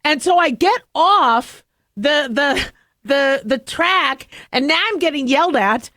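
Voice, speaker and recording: A woman's voice: high voice, expressive, slow, pushed and bright, dry recording, studio quality. A middle-aged woman radio talk show host telling a chatty, self-mocking story with frequent laughs. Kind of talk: casual monologue. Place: radio studio.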